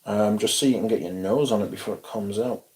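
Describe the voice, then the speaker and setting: A man hosting a casual livestream, chatting and answering viewers in an animated, exclamatory way and swearing freely. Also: on the low side, brisk, husky. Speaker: livestream host. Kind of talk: casual livestream chat, reading viewer comments.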